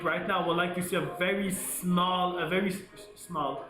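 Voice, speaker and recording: A man hosting a live trading stream, energetic and chatty, often laughing and calling out to viewers. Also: high-pitched, moderate pace. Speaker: livestream trading host. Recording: echoey room with faint music.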